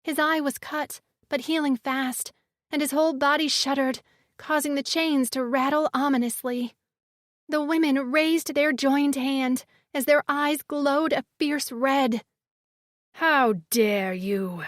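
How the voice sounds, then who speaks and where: A woman narrating a sci-fi romance audiobook in the first person, with measured, dramatic storytelling. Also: high-pitched, steady tone, no echo, studio quality.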